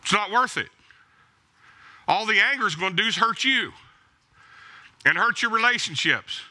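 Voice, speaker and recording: A man's voice: sits high, expressive, normal speed, sharp tone. A male pastor preaching a sermon in an emphatic, exhorting way, driving points home with blunt repeated commands. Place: church.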